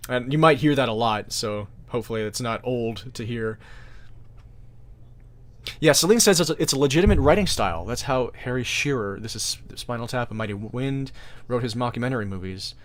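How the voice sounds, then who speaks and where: A man's voice: mid-range voice, normal speed, pauses often. A man from Brazil, a native Portuguese speaker with an American-sounding accent, chatting casually on a stream, reading chat aloud and often restarting his sentences. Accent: American-sounding English. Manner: rambling, self-correcting, with frequent restarts.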